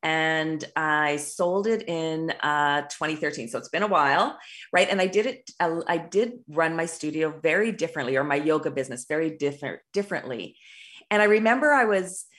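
A woman's voice: low voice, moderate pace, a bit bright. A middle-aged woman talking as an intuitive business coach, earnest and rambling, with frequent restarts and tag questions. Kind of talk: casual monologue.

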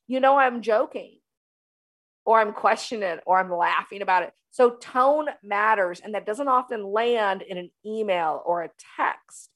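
Female talk-show host, fairly high voice, emphatic and energetic, coaching tone. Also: moderate pace. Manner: energetic, emphatic, repeats key phrases. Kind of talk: solo talk show monologue.

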